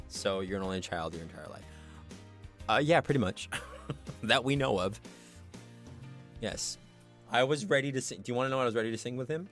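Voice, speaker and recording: A man hosting a livestream, telling a story in casual chat, animated and acting out the people he quotes. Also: fairly low pitch, unhurried, vocal fry, pauses often, soft background music. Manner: animated, acts out quoted voices. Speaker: livestream host.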